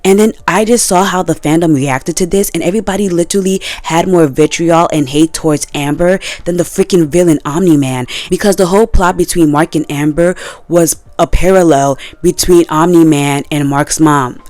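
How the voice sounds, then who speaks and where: Slangy, animated woman vlogging. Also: fairly low pitch, normal speed, no echo. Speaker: video creator. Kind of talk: casual commentary vlog.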